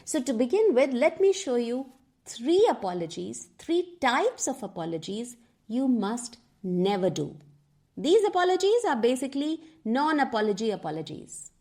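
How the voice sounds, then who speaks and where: A woman's voice: high-pitched, dark tone. A woman coaching communication skills in a scripted lesson, emphatic and putting pointed questions to the viewer. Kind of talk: scripted teaching talk.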